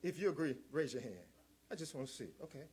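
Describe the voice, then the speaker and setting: Husky, high-voiced preacher. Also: male voice, animated, fast talker, a little mellow. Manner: repeats words, builds in waves, calls on the congregation; chuckles between points. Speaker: guest minister. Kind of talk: rousing sermon.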